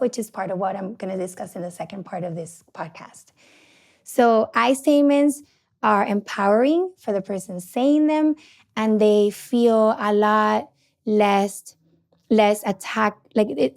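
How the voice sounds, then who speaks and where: A middle-aged woman, a couples therapist hosting a podcast, talking passionately and loudly with many restarts. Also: fairly high pitch, gravelly. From Puerto Rico. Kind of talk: casual podcast teaching.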